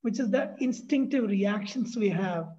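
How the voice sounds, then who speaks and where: A man leading a workshop, explaining ideas in a lively way and acting out anxious inner voices. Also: high voice, a little slow. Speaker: workshop facilitator. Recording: dull lo-fi sound.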